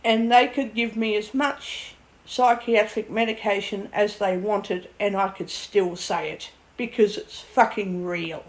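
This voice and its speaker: A woman's voice: mid-range voice, steady tone, unhurried, few pauses, low-quality recording. Woman vlogger, rambling vent, blunt, swears, laughs it off, mid-range voice. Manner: blunt, swears, laughs at her own ordeal.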